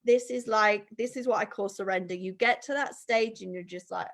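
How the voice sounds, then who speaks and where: A woman chatting as a guest, animated and acting out the voices of people she quotes. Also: medium pitch, moderate pace, few pauses. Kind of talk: casual conversation.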